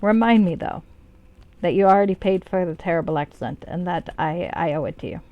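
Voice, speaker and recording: A woman's voice: lowish voice, lively intonation, fairly quick, lo-fi sound. A woman streaming a game, chatting casually and rambling, swearing freely and joking about herself. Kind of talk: casual live-stream commentary.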